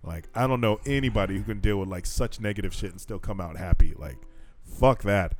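A man's voice: lowish voice, fairly quick, soft background music. A man co-hosting a podcast in casual chat, profane and laughing as he tells stories. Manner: profane, laughing, animated storytelling. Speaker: podcast co-host.

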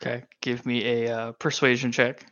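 Man, dungeon master, halting narration, bright voice, slightly dull audio. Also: medium pitch, little pitch movement, no echo. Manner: halting, filler-heavy narration. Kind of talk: narrating a tabletop game.

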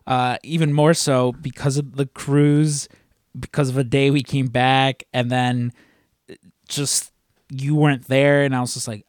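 Casual male podcast co-host, mid pitch, loose rambling delivery, dry close mic. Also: flat delivery, measured pace, no echo. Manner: rambling, many fillers and restarts. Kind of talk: casual chat.

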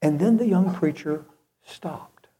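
A man's voice: fairly high pitch, warm tone, slightly rough. A male preacher delivering an earnest sermon that rises to fervent moments. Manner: slow, earnest, rising to fervent.

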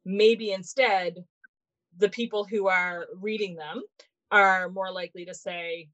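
A woman's voice: medium pitch, fairly even intonation, measured pace, fairly bright tone, lo-fi sound. A woman speaking as a guest in a discussion, thoughtful and full of likes and ums. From Canada. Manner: thoughtful, with many "like" and "um" fillers. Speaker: guest panelist. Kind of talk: casual discussion.

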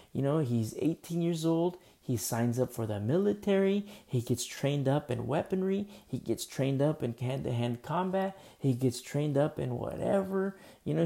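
Gravelly, mellow-voiced preacher man. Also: a little high. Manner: animated preaching, acts out dialogue, drops to near whispers. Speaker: pastor. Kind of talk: sermon.

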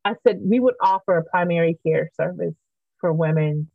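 Animated woman telling a story over a tinny line. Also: fairly low pitch, moderate pace, gravelly, breathy edge, no room sound. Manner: acts out the voices of people in her story. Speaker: guest, artist and activist. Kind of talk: animated storytelling in a podcast interview. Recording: thin, phone-like sound.

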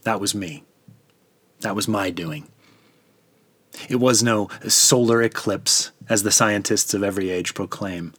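A man's voice: on the low side, fairly bright tone, breathy edge, dry recording. A man as solemn, grieving God the Father. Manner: solemn, measured, tender. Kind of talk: dramatic scripture narration.

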